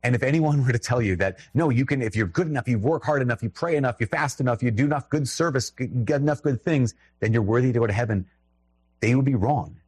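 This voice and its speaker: A man's voice: mid-range voice, fast talker, darkish tone, breathy edge, dry recording. A man with a Minnesotan accent giving a conversational, emphatic sermon, breaking off into restarts and little laughs.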